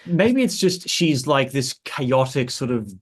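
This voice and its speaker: A man's voice: medium pitch, big pitch swings, unhurried, breathy edge. An Australian man hosting a podcast, asking questions in a chatty, wry and joking way. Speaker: podcast host. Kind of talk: casual podcast interview.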